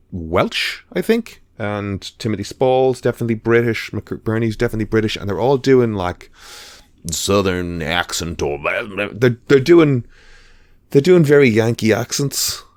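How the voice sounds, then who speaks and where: A man's voice: medium pitch, a little mellow, no echo, studio quality. A man co-hosting a podcast, chatting casually about films, rambling with lots of fillers and restarts. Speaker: podcast co-host. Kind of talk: casual chat.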